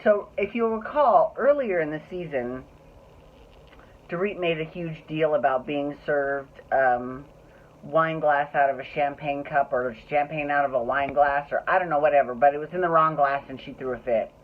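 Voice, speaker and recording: A chatty, rambling podcast host recapping reality TV in a campy, gossipy way, full of asides and slang. The voice sits at a middling pitch. It comes through thin and tinny, like a phone line. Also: normal speed. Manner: chatty, rambling, with frequent restarts and laughs. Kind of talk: casual gossipy recap chat.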